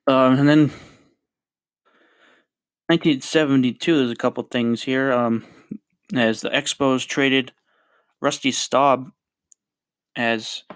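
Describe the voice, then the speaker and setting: A man's voice: mid-range voice, no room sound. A man hosting a solo podcast, talking casually and rambling through facts with many fillers. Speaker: podcast host.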